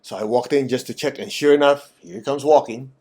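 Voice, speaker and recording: A man giving a spiritual talk and guided meditation, direct and animated, asking his listeners teasing questions. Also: mid-range voice, a little fast. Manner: animated, acts out quoted voices. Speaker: meditation teacher.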